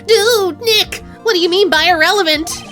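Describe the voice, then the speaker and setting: A woman voicing a nasal, whiny young man on trial in a game, talking high and rambling. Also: normal speed, bright, forceful tone, faint music behind. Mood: panicky. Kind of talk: game voice-over.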